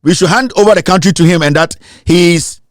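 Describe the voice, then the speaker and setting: A Ghanaian man with a fairly high voice, recorded close and dry. He talks in an emphatic, accusatory way, pressing his points hard and slipping between English and Twi. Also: brisk, dry recording. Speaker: political commentator. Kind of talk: fiery political rant.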